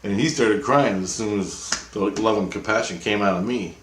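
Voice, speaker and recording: A vlogger with a low voice recounts his dreams in a rambling, meandering way, often stopping and restarting. He raises his pitch to act out other people's lines. He speaks at normal speed in an echoey room, with a little hiss or hum.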